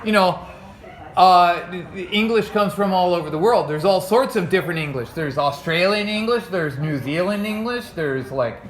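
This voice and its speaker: Bright-voiced man reading a storybook. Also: high voice, moderate pace. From North America. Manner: jokey, chatty, makes sound effects. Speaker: storybook reader. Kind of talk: playful read-aloud with commentary.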